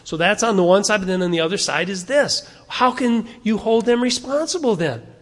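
A man's voice: high-pitched, animated, a little fast, fairly bright tone. Earnest preaching man in a reverberant church. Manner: earnest, conversational preaching with rhetorical questions and repetitions. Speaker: pastor. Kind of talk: sermon. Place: church sanctuary. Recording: long reverb of a church hall.

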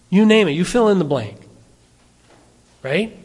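A man's voice: high-pitched, sing-song, a little slow, pauses often, darkish tone, slightly rough, big-room sound. A man preaching a sermon, speaking conversationally and asking his listeners rhetorical questions. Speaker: pastor.

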